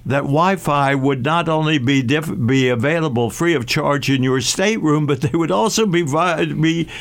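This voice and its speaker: A man's voice: on the high side, vocal fry. An older man hosting a radio travel show, talking at length with frequent restarts and fillers. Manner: halting, many restarts and fillers. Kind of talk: radio talk show discussion.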